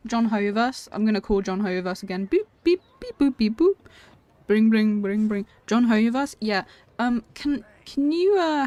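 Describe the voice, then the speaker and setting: A young woman with a medium-pitched, slightly mellow voice streams a game and chats playfully with her viewers. She's chatty and breaks into quick laughs as she talks to them casually while playing.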